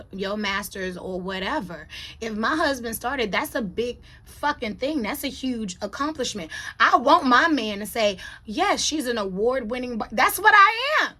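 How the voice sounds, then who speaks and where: A young adult woman chatting casually on her vlog, telling a story with big swings from low, quiet asides to loud, high exclamations. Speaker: vlogger. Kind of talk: casual chat.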